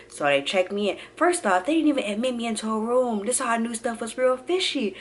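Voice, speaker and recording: A woman's voice: medium pitch, animated, normal speed, hardly any pauses, fairly bright tone, slight background noise. A young adult woman telling a personal story casually to her viewers. She acts out the quotes and keeps calling the audience y'all. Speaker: vlogger.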